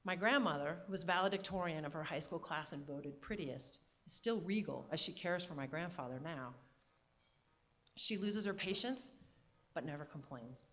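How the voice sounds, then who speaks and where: A middle-aged woman telling a personal story on stage with wry, deliberate comic timing. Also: low voice, fairly bright tone. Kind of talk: live storytelling performance.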